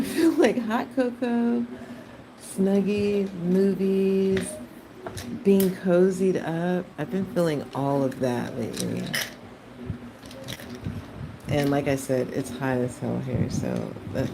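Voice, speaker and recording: A woman's voice: sits low, background noise. A woman chatting casually with her livestream chat while she draws, laughing often. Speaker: art livestreamer.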